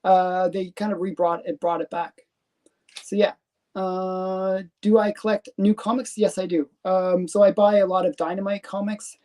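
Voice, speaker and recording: A woman in her thirties talks casually on a live stream, answering viewers' questions with an upbeat, rambling manner. Her voice is mellow and warm, sitting in a middle register. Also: mid-range voice, flat delivery. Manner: chatty, upbeat, with fillers and quick asides. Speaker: comic collector vlogger.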